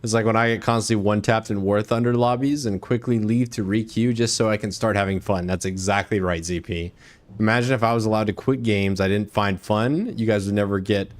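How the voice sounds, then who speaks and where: A man's voice: lowish voice, fairly even intonation, brisk. A man casually joking and rambling as he streams a game. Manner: joking, rambling, laughs often. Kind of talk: casual gameplay commentary.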